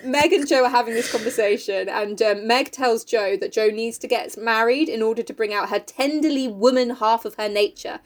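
A woman's voice: on the high side, moderate pace, hardly any pauses. A woman, co-hosting a casual chat and recapping a book in a chatty, sweary way, laughing often.

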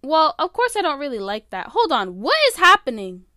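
High-pitched teen girl rambling on her podcast. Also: sing-song, fairly quick, sharp tone, dry recording, studio quality. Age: late teens. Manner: rambling, filler-heavy, self-interrupting. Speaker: podcast host. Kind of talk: casual solo podcast chat. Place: bedroom at home. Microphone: phone.

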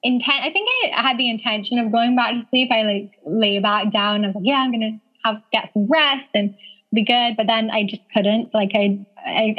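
A woman in her thirties telling a personal story as an interview guest, chatty, using lots of "like" fillers and laughing often. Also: on the high side. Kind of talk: casual storytelling. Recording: dull lo-fi sound.

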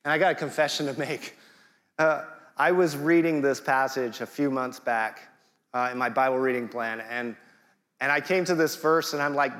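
A man's voice: a little high, normal speed, fairly bright tone, big-room sound. A middle-aged man preaching a sermon in a conversational way, dropping jokey asides. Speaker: guest preacher.

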